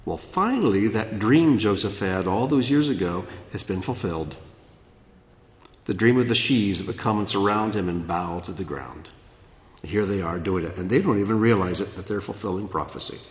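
A man preaching a sermon as pastor, dropping low and soft, then rising loud and animated. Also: moderate pace. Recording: echoey hall.

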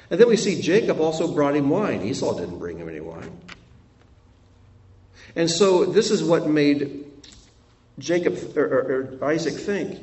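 Expressive man teaching from scripture. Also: on the high side, unhurried, pauses often. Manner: reads verses aloud with expressive asides. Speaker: Bible teacher. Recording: roomy sound from a distant mic.

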